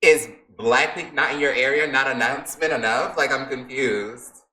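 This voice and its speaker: A tabletop game player talking in character with sass and plenty of slang. The voice is bright and forceful at a middle pitch, and the room adds a noticeable echo. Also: normal speed. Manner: sassy, playful, slangy. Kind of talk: in-character role-play, casual. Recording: roomy echo.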